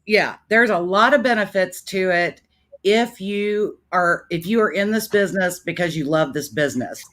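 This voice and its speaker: A woman's voice: on the low side, moderate pace, fairly bright tone. A woman hosting a casual interview over a video call, talking in an effusive way and laughing easily. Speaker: interview host.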